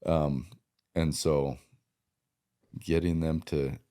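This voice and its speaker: A man's voice: rumbling low, fairly even intonation, drawn-out words, dark tone. A man speaking as a podcast guest in casual conversation, plainspoken, giving many short agreeing replies.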